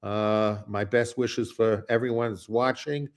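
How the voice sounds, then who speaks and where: Male host, lower voice, loose rambling delivery, blunt and crude. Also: fairly even intonation, unhurried. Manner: rambling, many restarts and fillers; blunt and profane. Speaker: show host. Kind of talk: casual political talk.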